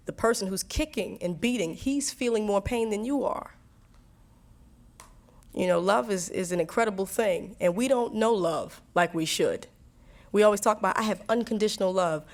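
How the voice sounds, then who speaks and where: A young woman answering students' questions in a candid talk, animated and laughing, acting out quotes as she tells stories. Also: medium pitch. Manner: animated storytelling, acts out quotes; warm, frequent laughs and restarts.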